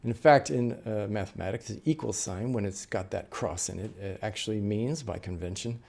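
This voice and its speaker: A middle-aged man gives a lecture, walking his listeners through examples step by step. His voice is gravelly, with a mellow, darker tone. He often stops and restarts mid-sentence. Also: lowish voice, moderate pace. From United States. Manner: explanatory, with frequent fillers and restarts. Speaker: interpreter trainer. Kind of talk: lecture on note-taking.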